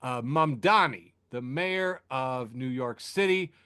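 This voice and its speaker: A man's voice: medium pitch, slow pace, bright, forceful tone, smooth, no room sound, clean studio sound. A man hosting a podcast, riffing sardonically through news, laughing at his own jokes, with lots of fillers and restarts. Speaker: podcast host. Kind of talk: casual news chat.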